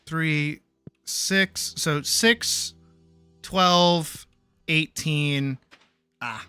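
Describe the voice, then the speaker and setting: Giggly guy streaming a game, rambly, bright high-ish voice, a little music in the back. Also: a little slow. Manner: giggly, rambling, self-teasing. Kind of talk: casual game stream chat.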